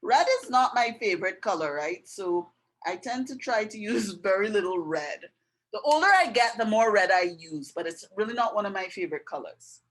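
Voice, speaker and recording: A woman's voice: medium pitch, lively intonation, normal speed, a bit bright, low-quality recording. A middle-aged woman giving a patient step-by-step art and writing lesson, often checking in with the viewer. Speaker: art and language tutor.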